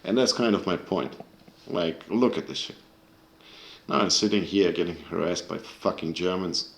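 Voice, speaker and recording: Deep-voiced man ranting angrily, echoey room. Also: normal speed, vocal fry. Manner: angry, profane, searching for words. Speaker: video creator. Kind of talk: casual rant to camera.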